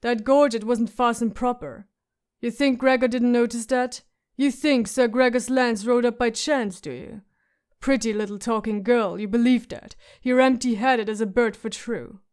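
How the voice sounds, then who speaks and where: A woman doing a rasping, mocking scarred warrior. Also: on the high side, fairly even intonation, normal speed, a little mellow, natural voice. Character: scarred surly drunk male warrior.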